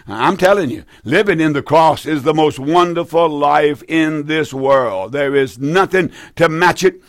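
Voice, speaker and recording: A man's voice: on the high side, moderate pace, hardly any pauses, fairly bright tone, no echo, clean studio sound. A man hosting a call-in radio Bible program, preaching fervently with repeated phrases and frequent restarts. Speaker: radio Bible teacher taking calls.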